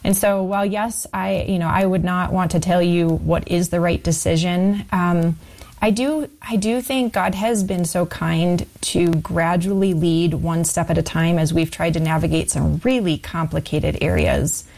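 A woman co-hosting a faith radio show, offering encouragement in a measured, reflective way. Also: lowish voice, darkish tone.

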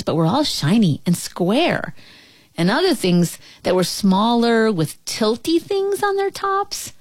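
A woman reads a children's story aloud, her pitch leaping up and down with the tale. She sounds playful and animated. The recording is dry and close to the mic. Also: slightly rough, no room sound. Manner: expressive, swooping pitch.

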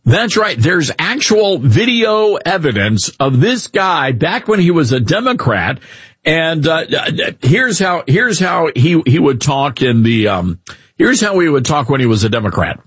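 A man's voice: fairly high pitch, big pitch swings, unhurried, a bit bright, husky, no room sound. A man with a Southern US accent hosting a talk radio show, ranting sarcastically in an opinionated monologue.

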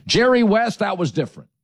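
A man's voice: sits high, moderate pace, dry recording. A man hosting a sports talk show, giving blunt, emphatic opinions. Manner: emphatic, blunt, animated delivery.

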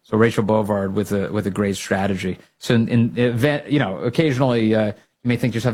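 A man hosting a political talk show, giving emphatic, opinionated commentary that grows excited when he rallies listeners. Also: fairly low pitch, fast, few pauses.

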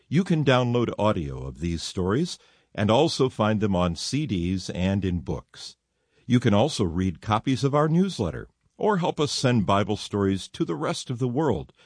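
A man's voice: lowish voice, breathy edge, no room sound, studio quality. A man reading a scripted outro announcement in a plain announcing manner.

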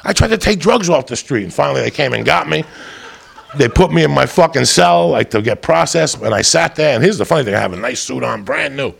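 A man doing profane stand-up, telling a story in a loud, brash, rambunctious way and swearing constantly. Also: mid-range voice, lively intonation, brisk, gravelly, slightly rough. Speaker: stand-up comedian.

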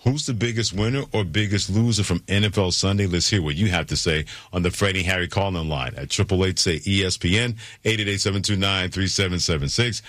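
Low-voiced male sports radio host. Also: fairly bright tone, no room sound. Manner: brisk, emphatic, playful.

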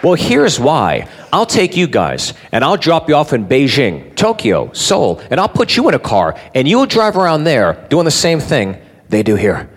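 A man doing a stand-up routine, brash and loud with animated delivery. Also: on the high side, moderate pace. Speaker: stand-up comedian.

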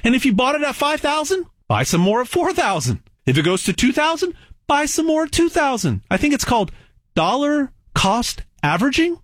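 An emphatic male pitchman whose voice swoops all over as he drives each point home, repeating words for punch. The recording is dry and close, with no room sound. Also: big pitch swings, normal speed, a bit bright, no room sound. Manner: emphatic and repetitive, folksy asides. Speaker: gold sales pitchman. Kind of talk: direct-to-camera sales pitch.

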